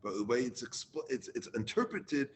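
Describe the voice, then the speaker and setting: A man's voice: mid-range voice, sing-song, normal speed, a little hiss or hum. A man leading a Torah class, reading Hebrew lines and explaining them in casual English with restarts.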